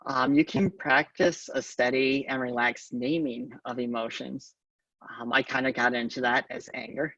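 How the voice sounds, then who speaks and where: A man giving a calm conference talk on mindfulness, halting often with ums, recorded from a distance on a dull lo-fi recording. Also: medium pitch, no room sound. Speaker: conference speaker.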